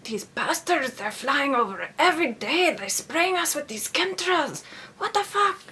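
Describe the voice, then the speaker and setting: A woman voicing angry tribespeople who curse the planes, in an indignant, high, shouting tone. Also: big pitch swings, unhurried, heavily acted.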